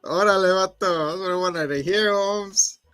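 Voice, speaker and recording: A swaggering Chicano gang member with a high voice, sounding tough and laying on the slang, as a man puts him on. His delivery is close and dry. He teases a new recruit, all bravado. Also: moderate pace, pushed and bright, clear, resonant tone, no room sound, faint music behind. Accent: put-on Mexican-American.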